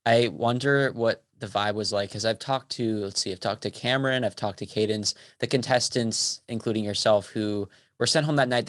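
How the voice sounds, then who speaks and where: A man's voice: lowish voice, no room sound, studio quality. A male host asking the guest long, thoughtful questions in a podcast interview.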